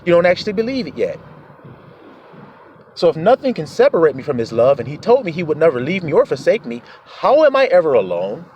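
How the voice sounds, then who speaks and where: Animated man preaching a sermon. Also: a little high, brisk, highs cut off, slight background noise. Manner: animated, acts out quoted voices.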